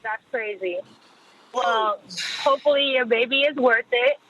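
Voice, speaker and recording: A woman's voice: fairly high pitch, measured pace, fairly bright tone, lo-fi sound, a little hiss or hum. A woman co-hosting a podcast in casual chat, mostly giving short reactions. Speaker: podcast co-host.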